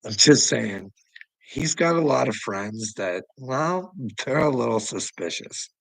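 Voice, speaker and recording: Slow, gravelly Canadian man. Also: mid-range voice, lively intonation, fairly bright tone, dry recording, low-quality recording. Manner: crude, swears often, laughs between remarks. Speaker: livestream host. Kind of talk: casual rant answering chat.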